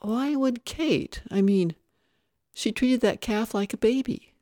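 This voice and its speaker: A reader voicing Clint, a worried young male ranch hand who asks tense, hushed questions. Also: very high-pitched, lively intonation, moderate pace, vocal fry, no echo, clean studio sound, voice pushed up, exaggerated voice. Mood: uneasy.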